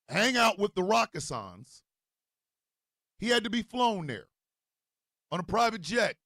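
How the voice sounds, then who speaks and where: Gravelly, ranting host with a Jersey–Missouri mix. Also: male voice, sits high, no room sound, clean studio sound. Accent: mix of New Jersey and Missouri. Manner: loud, profane and animated, with bursts of shouting. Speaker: show host and co-owner. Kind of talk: profane political rant on a livestream.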